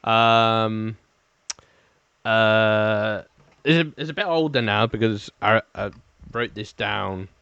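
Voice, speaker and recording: A man's voice: lowish voice, takes it slowly, creaky, fairly bright tone, smooth, no room sound, dull audio. A man co-hosting a podcast, telling a news story hesitantly with many ums and restarts. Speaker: podcast co-host. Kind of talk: casual chat, reading a news story.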